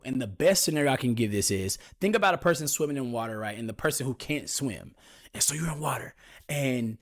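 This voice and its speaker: A young man, talking to his podcast listeners in a loose, personal, storytelling way. His voice sits at an ordinary middle pitch, and he confides in the audience, calling them "y'all". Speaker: podcast host.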